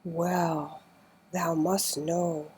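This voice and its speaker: A woman reading the lines of a sad, solemn little male courtier in a low, musical voice with formal, old-fashioned speech, in an audiobook. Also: level tone, extremely slow, a little mellow, a little hiss or hum, low-quality recording. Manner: archaic formal speech, mournful.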